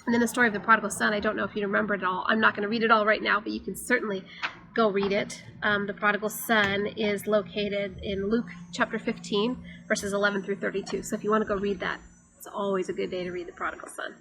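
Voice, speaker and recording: A woman giving an earnest, confessional faith talk for her church, often pausing on fillers. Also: mid-range voice, flat delivery, creaky, pushed and bright, poor audio. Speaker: church speaker.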